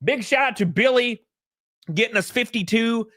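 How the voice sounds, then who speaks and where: A man's voice: very high voice, moderate pace, bright, forceful tone, no room sound, clean studio sound. A young man chatting casually on a livestream, rambling and jokey, with frequent profanity. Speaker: streamer.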